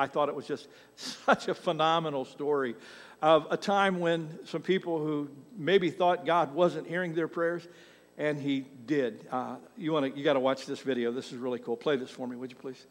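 A man's voice: fairly high pitch, normal speed, in a large hall. A man preaching a sermon as pastor, talking conversationally to the congregation and restarting his words.

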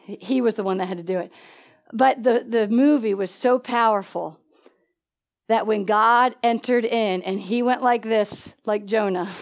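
A woman preaching a sermon in an animated way, with laughing asides and questions to the congregation. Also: on the high side.

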